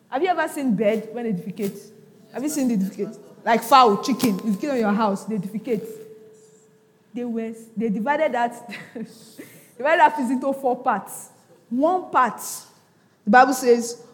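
A woman pastor preaching a sermon, acting out the scripture's voices with sudden shouts and laughter. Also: a little high, moderate pace. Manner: animated, acts out quotes with sudden shouts and laughter. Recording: long hall reverb.

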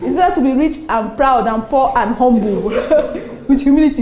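A Nigerian woman pastor preaching a sermon, animated and often laughing between her points. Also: on the high side, moderate pace. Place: church service with congregation responding.

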